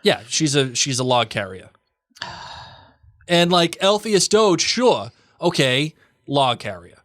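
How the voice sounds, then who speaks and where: A man's voice: fairly high pitch, big pitch swings, slow, a bit bright, no echo, clean studio sound. A man co-hosting a podcast, talking about a book in a wry, offhand way with many restarts. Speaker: podcast co-host. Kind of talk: casual book discussion.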